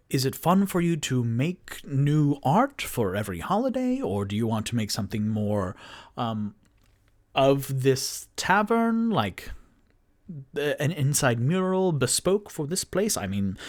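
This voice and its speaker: A man's voice: medium pitch, no echo, studio quality. A man voicing a courtly, theatrical male elephant-folk bard in a solo tabletop game. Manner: theatrical and gallant.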